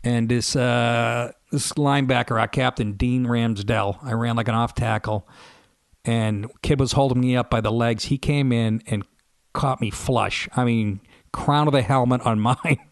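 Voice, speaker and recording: A man talks his way through a loose, profane story, laughing as he goes. His voice sits at an ordinary pitch, and the sound is dry and close, with no room around it. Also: fairly even intonation, unhurried, creaky, no echo. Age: 50s. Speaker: radio show host. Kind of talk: casual monologue.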